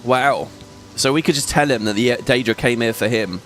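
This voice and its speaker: This let's play host offers casual gameplay commentary at medium pitch and normal speed, his voice a bit bright. He rambles, thinks aloud, and laughs often as he plays, with faint music in the background.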